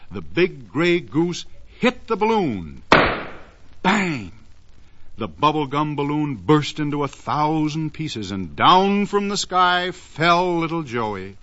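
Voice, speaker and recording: A man's voice: mid-range voice, bright, forceful tone. A man narrating a children's story in a sing-song way, stretching words for effect, on a dull lo-fi old recording. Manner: sing-song, drawn-out emphasis.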